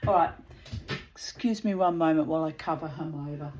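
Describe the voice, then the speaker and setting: A woman's voice: sits low, brisk, a little mellow, lo-fi sound, slight background noise. A woman reading old myths aloud as a storyteller, with casual spoken asides.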